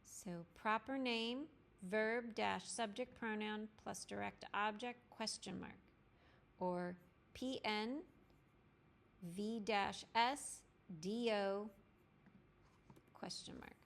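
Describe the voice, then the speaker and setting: A woman teacher narrating a language lesson, clear and deliberate, spelling out grammar formulas step by step. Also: mid-range voice, steady tone. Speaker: French teacher. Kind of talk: slow instructional lesson narration.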